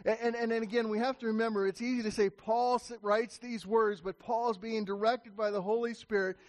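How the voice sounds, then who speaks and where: High-voiced man preaching an emphatic sermon. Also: steady tone, brisk. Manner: emphatic, repetitive restarts, rising to call out to the congregation. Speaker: pastor.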